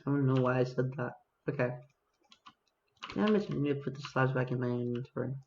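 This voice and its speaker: A man's voice: medium pitch, level tone, brisk, a little mellow, dull audio, a little hiss or hum. A man giving casual, self-mocking commentary over his own gameplay as a video host, talking to himself and his viewers.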